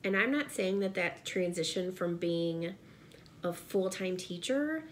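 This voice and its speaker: A woman's voice: fairly low pitch, animated, measured pace, slight background noise. A pregnant woman, talking earnestly and directly to viewers in a casual vlog from her home office. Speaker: vlogger and direct sales seller.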